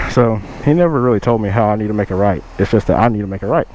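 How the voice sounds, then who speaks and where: A young man, casually telling a storytime and quoting others in a raised, lively voice. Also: lowish voice, fast, background noise. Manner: animated retelling, quotes others in raised voice. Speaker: motovlogger.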